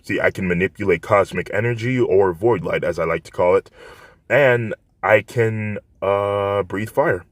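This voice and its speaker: A man's voice: fairly low pitch, a little slow, dry recording, natural voice. A man voicing a modest, hesitant teenage boy. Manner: hesitant, with filler words.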